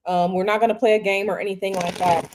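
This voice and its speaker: A woman's voice: medium pitch, level tone, fast, slight background noise. Chatty woman livestreaming tarot. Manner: chatty, repeats herself, talks straight to viewers. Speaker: tarot reader and livestream host. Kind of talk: casual livestream chat. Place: hotel room.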